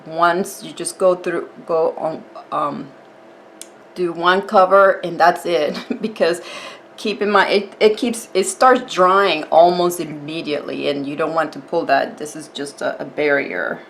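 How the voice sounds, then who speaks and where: A woman with a fairly low voice walks through a nail art tutorial, chatty and relaxed, explaining each step as she goes. There is a faint hiss in the background. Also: a little slow.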